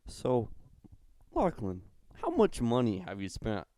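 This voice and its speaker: A man's voice: medium pitch, wildly swooping pitch, slow, warm tone, slight background noise. A young man co-hosting a casual podcast, asking laid-back questions. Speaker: podcast co-host. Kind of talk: casual chat.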